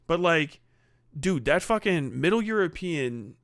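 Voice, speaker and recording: A middle-aged man chats to his stream audience in a high, bright, clear voice. His talk is profane and rambling and full of laughs. The mic sounds dry and close. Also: lively intonation, measured pace, no room sound. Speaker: live streamer. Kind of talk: casual stream chat reading donations.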